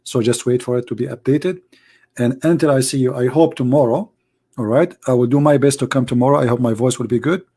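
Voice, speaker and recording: Sarcastic hoarse debating man. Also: mid-range voice, brisk, mellow. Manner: sarcastic, mocking. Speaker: religious debater. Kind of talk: online commentary video.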